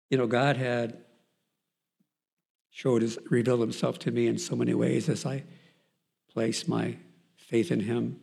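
Older man, gravelly and husky, earnest testimony speaker with a warm, mellow tone. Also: mid-range voice. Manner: earnest, halting storytelling with restarts. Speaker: speaker giving a Christian testimony. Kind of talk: reading a letter aloud, then telling a personal story.

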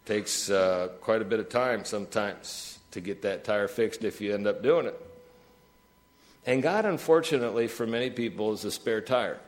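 Pastor, male, middle-aged, lowish voice; sermon delivery with big rises and hushed drops, rhetorical questions to the room. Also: moderate pace. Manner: preaching with wide swings of pitch and loudness, asking the room questions.

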